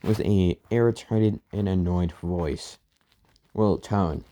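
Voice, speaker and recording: A man's voice: low-pitched, takes it slowly, dark tone. A man casually retelling a fan-made story, rambling with many fillers and restarts.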